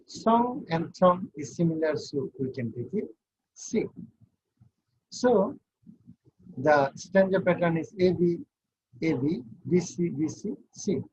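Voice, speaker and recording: A man's voice: on the high side, animated, slow, pauses often, darkish tone, breathy edge, dull audio. A man giving an online university class, explaining step by step and counting things out. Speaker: university lecturer.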